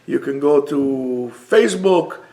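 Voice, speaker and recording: A man, a rabbi, giving a Torah lecture, emphatic and rising to near-shouts on key points. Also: mid-range voice, takes it slowly, gravelly. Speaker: rabbi teaching a class. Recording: roomy echo.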